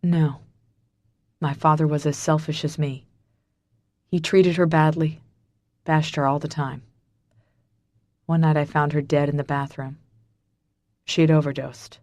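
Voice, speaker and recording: A woman narrator voicing a brooding mafia boss with a low, gravelly voice, in an audiobook. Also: level tone, a little slow, long pauses, no echo, natural voice. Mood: bitter. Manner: quiet, clipped, bitter.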